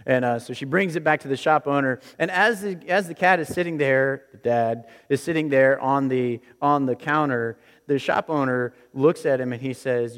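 Male pastor, mid-pitched voice, casual repetitive sermon delivery, long church reverb. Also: normal speed, hardly any pauses, fairly bright tone. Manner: conversational, repeats phrases, often starts with "listen". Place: church sanctuary.

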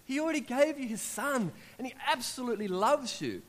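A man, preaching a sermon in an animated, storytelling way, acting out his own prayers as he goes. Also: very high-pitched, brisk.

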